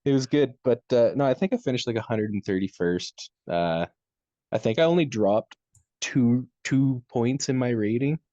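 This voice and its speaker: Young Canadian man, casual podcast co-host, warm low tone, dry muffled sound. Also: normal speed, dry recording. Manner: laid-back storytelling, lots of "dude" and laughter. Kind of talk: casual chat.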